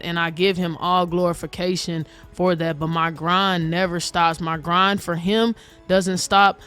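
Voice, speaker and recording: A woman's voice: on the low side, fairly bright tone. A woman guest on a chat show in a radio studio, talking earnestly about her own struggles. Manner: earnest, testifying. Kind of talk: casual chat.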